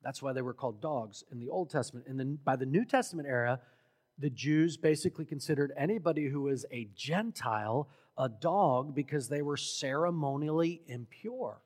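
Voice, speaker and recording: A man preaching a sermon as pastor, emphatic and building to loud exhortation. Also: mid-range voice, normal speed. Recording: long hall reverb.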